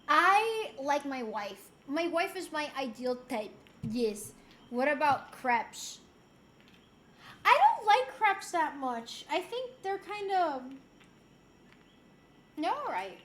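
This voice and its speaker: A woman's voice: high voice, fairly bright tone. A woman from Puerto Rico streaming and chatting casually with viewers, playful and giggly, dropping in Spanish and French phrases. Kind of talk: casual chat reading viewer messages.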